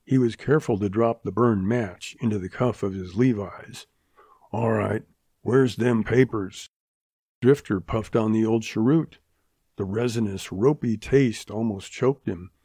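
A man reading a western novel as an audiobook, in steady, measured narration. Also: fairly low pitch, slightly rough, no echo, clean studio sound.

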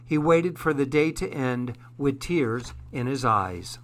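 A man hosting a program, reading a children's story aloud in a gentle, measured way. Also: mid-range voice, expressive.

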